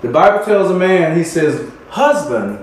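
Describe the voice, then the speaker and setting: A man's voice: on the high side, animated, normal speed, slight background noise. A man minister preaching a sermon with emphasis, repeating key phrases and chuckling between points. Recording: echoey room.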